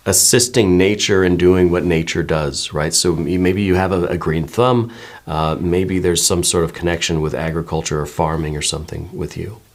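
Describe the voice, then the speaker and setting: A man giving a tarot reading to his viewers, musing and meandering as he goes, hedging often and checking in with a soft "right?". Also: sits low, fairly even intonation, normal speed. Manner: musing and meandering, many hedges and repeated "right?". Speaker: tarot reader.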